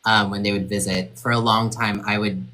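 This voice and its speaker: A man hosting a casual group chat over a video call, animated and often laughing. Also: lowish voice, moderate pace, a little hiss or hum, low-quality recording. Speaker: host.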